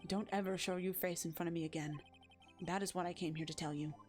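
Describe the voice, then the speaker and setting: A woman voicing a cold, formal young male prosecutor in a game, speaking curtly and lowering her voice. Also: fairly even intonation, quick pace, darkish tone, soft background music, natural voice. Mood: cold, stern. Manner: formal, curt, aloof.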